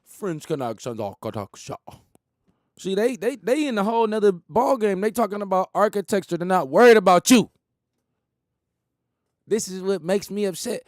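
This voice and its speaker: A man's voice: high voice, big pitch swings, moderate pace, no echo, studio quality. A man hosting a talk radio show, delivering an emphatic, profane, preachy monologue. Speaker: host.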